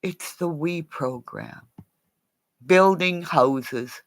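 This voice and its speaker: A woman from Canada rambling through a livestream monologue, jumping between topics and bursting into shouts and silly rhymes. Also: low voice, extremely slow, no room sound. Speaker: vlogger.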